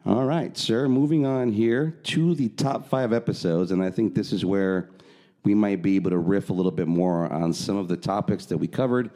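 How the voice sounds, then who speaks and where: On a laid-back podcast, a male co-host speaks at normal speed in a mellow voice on the low side. Fillers pepper his loose, conversational talk, and he laughs without much prompting.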